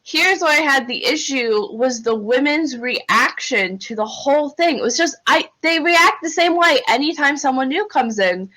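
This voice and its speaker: A woman co-hosting a podcast, talking fast and with animation in casual chat, saying "like" often. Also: high-pitched, lively intonation, sharp tone, low-quality recording. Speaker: podcast co-host.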